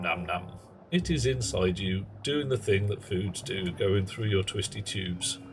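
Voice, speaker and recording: A man streaming a game live, rambling through wry, chatty asides to his viewers. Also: medium pitch. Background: game music.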